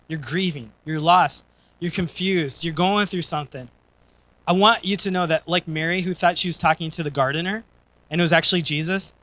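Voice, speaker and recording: A man pastor preaching a sermon, joking and energetic, and at times earnest and soft. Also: fairly high pitch. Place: church.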